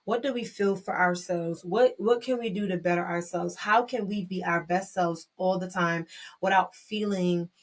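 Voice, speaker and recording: A young adult woman hosting a podcast, reflecting candidly and emotionally in a personal monologue, often restarting her sentences and breaking into excited bursts. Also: lowish voice, normal speed. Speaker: podcast host.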